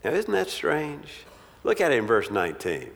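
Bir papaz, İncil öyküsünü sohbet havasında, canlandırmalı anlatan bir adam; uzun yankılı kilise salonu kaydı. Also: male voice, a little high, huge pitch swings, moderate pace, creaky, long reverb tail. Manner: conversational storytelling with acted quotes. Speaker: pastor. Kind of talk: sermon.

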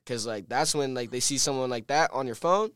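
A teenage man, a guest musician, excitedly telling a story on a casual podcast and quoting the people in it. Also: medium pitch, a little fast, clear, resonant tone, no room sound, clean studio sound. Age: teens. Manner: excited storytelling, quotes himself and others.

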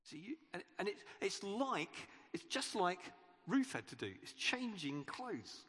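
A man's voice: high-pitched, sing-song, measured pace, fairly bright tone, breathy edge. A man preaching a chatty, conversational sermon in church, with playful asides to his listeners. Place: church hall. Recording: reverberant church hall.

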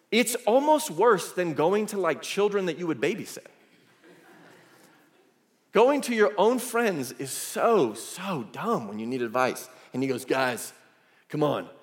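A male pastor delivering a sermon, telling the story in a lively, casual way with asides. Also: fairly high pitch. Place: church sanctuary. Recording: echoey church hall.

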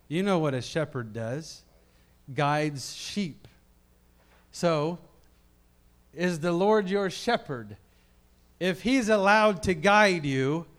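A man preaches to his congregation in a voice on the high side. As pastor, he swings from quiet reflection to loud emphasis, often repeating words while building his point.

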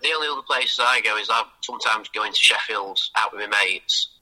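A young man, a football fan guest, chatting casually in a halting, self-correcting way. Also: fairly low pitch, sharp tone, husky, low-quality recording. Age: young adult. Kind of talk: casual chat.

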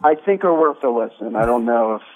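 A man calling in to a radio talk show, telling a story in a rambling, halting way with many fillers. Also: mid-range voice, lively intonation. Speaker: caller. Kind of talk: casual storytelling on a call-in show. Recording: tinny phone line.

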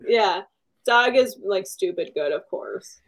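A young woman co-hosting a book podcast, chatty and laughing, with quick reactions. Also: mid-range voice, lively intonation. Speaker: podcast co-host. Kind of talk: casual chat.

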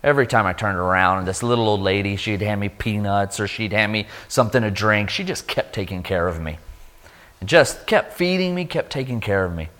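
A man giving a sermon testimony, telling his story with lively energy and acting out the voices of people he met. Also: fairly low pitch, a little fast. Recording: long hall reverb.

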